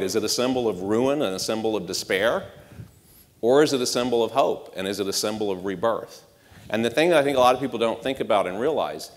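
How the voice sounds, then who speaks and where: A middle-aged man giving a conference keynote, punchy, with rhetorical questions and dry sarcastic asides. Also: on the low side. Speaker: marketing executive giving a conference talk. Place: large conference hall. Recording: hall reverb from a stage.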